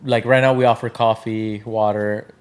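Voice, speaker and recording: A man's voice: fairly low pitch, level tone, normal speed, clean tone. Casual, rambling man at a podcast mic. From Washington state, Tri-Cities area. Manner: loose, filler-heavy storytelling with acted-out quotes. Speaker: podcast guest, drink brand founder.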